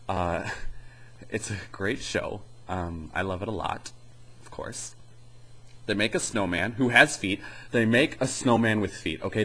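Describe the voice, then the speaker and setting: A man's voice: fairly low pitch, a bit bright, rough recording. A young man giving a rambling, sarcastic comedy review in casual chat. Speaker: video reviewer.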